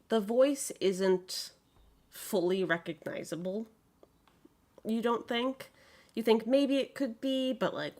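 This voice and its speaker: A woman narrating as game master of a tabletop game, in casual, animated speech. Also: mid-range voice.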